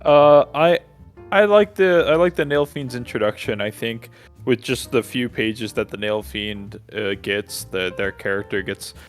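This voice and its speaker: A man's voice: mid-range voice, a little slow, soft background music. A man co-hosting a casual podcast, chiming in with short, agreeing replies. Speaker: co-host.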